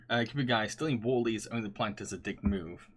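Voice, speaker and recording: A man's voice: on the low side, a bit bright, slight background noise. A man streaming live, chatting casually and reading viewer comments, often laughing and gushing with frequent restarts.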